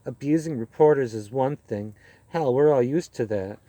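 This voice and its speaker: A man voicing a weary, cynical male campaign reporter who talks gruffly and matter-of-factly. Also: medium pitch, moderate pace, warm tone, no echo, lightly acted. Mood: gossiping.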